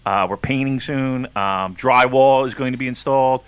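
A man's voice: mid-range voice, normal speed, clear, resonant tone. A man from New Jersey co-hosting a podcast, telling stories in a swearing, laugh-filled, casual way. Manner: animated, swearing, storytelling, laughing often. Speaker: podcast host.

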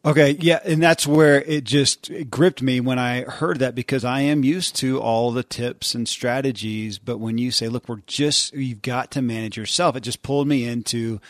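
Man, podcast host, rambling enthusiastic questions, middle pitch, dry close mic. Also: fairly even intonation, moderate pace, hardly any pauses, dry recording. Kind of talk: conversational interview.

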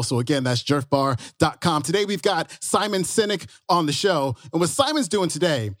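A man opens his podcast in an upbeat, promotional voice, with a fairly high pitch. The sound is dry and close, with no room around it. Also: no echo. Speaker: podcast host. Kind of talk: scripted podcast intro with ad read.

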